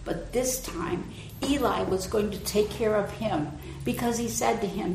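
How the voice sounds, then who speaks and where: Unhurried woman preacher in an echoey church. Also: medium pitch, gravelly, a little hiss or hum. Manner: gentle, unhurried retelling with soft dips in loudness. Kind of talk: sermon storytelling. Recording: echoey room.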